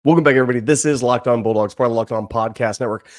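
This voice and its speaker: A man's voice: mid-range voice, racing. Emphatic male sports podcast host. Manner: energetic, emphatic, frequent restarts.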